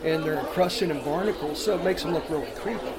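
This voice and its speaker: A man's voice: fairly high pitch, quick pace, a loud crowd, heavy background noise. A man hosting a talk show, telling rambling, profane stories and laughing as he goes. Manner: rambling, crude, laughs through his stories. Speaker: podcast host. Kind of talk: casual profane storytelling.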